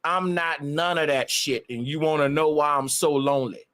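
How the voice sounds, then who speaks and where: A man's voice: a little high, steady tone, normal speed, fairly bright tone. A man on a livestream, ranting emphatically with a lot of profanity and repetition. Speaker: live streamer. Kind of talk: casual livestream rant.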